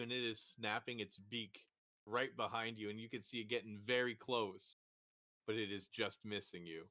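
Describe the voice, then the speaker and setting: A man's voice: on the low side, fairly even intonation, moderate pace, sharp tone. A man narrating as game master of a tabletop role-playing session, who also puts on a dwarf hireling in broken speech.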